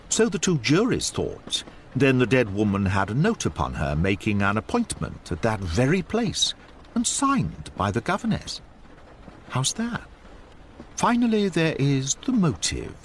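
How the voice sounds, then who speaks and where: Sherlock Holmes, a man reading a brisk detective. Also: medium pitch, slight background noise. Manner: crisp, emphatic deduction. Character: sharp, brisk male detective. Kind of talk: audiobook reading.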